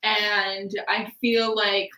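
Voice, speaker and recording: A woman's voice: mid-range voice, little pitch movement, extremely slow, bright, forceful tone. Chatty young woman in an echoey room. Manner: chatty, lots of fillers, playful asides. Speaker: astrologer co-host. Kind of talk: casual chat.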